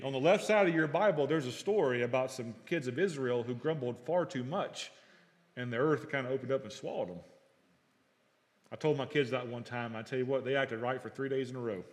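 A middle-aged male pastor preaching a sermon, telling stories and acting out dialogue, swinging between loud and hushed. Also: medium pitch, brisk. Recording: long reverb of a hall.

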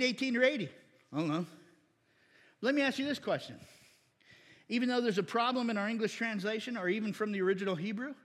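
A man preaching a sermon to a congregation, teaching from slides with quick jokes and asides. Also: sits high, fairly bright tone, in a large hall. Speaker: pastor.

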